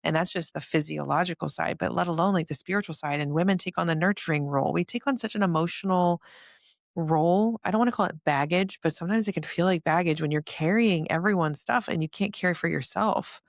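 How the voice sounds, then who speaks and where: A woman hosts a casual spiritual podcast, her voice slightly gravelly and recorded close in a dry room. She tells stories with animated energy and laughs easily as she goes. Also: lowish voice, fairly quick, dry recording. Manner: animated storytelling, laughs often. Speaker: podcast host. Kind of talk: casual conversation.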